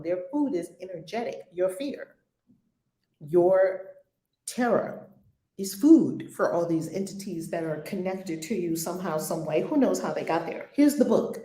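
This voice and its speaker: A woman's voice: on the low side, mellow, echoey room. A woman hosting a casual spiritual discussion, frank and slangy, often laughing. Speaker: spiritual teacher and host.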